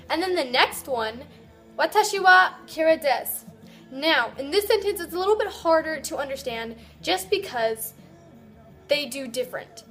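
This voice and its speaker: A woman giving a casual video lesson on Japanese, chatty and loose, slowly sounding out words syllable by syllable. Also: high-pitched, a bit bright. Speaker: Japanese language teacher.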